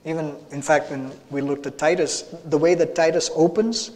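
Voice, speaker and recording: A man preaching to his congregation, his fairly high voice climbing through repeated phrases to forceful peaks. The sanctuary around him carries a long, lingering reverb. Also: fairly even intonation, normal speed. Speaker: pastor. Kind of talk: sermon. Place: church sanctuary.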